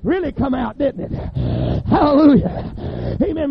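High-voiced Southern revival preacher. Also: male voice, measured pace, gravelly, hardly any pauses, a little hiss or hum. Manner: fervent, punctuated with constant amens. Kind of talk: revival sermon. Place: church service. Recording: dull lo-fi recording.

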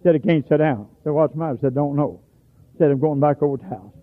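A man preaching a sermon, telling stories in a folksy way and breaking into shouts. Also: a little high, fast talker. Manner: folksy storytelling, bursts into shouts. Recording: tinny phone-like radio recording.

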